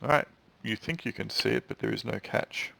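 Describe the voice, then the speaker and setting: A man's voice: fairly low pitch, brisk, vocal fry, fairly bright tone, rough recording. A man running an online tabletop game as game master, giving dry, matter-of-fact rulings over a voice call.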